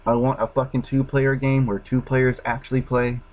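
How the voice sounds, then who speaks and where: A man's voice: medium pitch, level tone, moderate pace, a little mellow, slight background noise, poor audio. A man ranting alone to his camera, exasperated, swearing constantly and restarting his sentences. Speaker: gaming vlogger. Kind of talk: frustrated solo rant.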